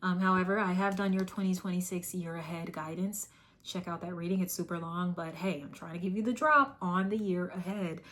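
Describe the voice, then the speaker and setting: A hoarse woman doing a casual tarot reading, blunt and profane with a teasing tough-love manner. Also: lowish voice, fairly even intonation, a little fast, a bit bright. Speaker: tarot reader.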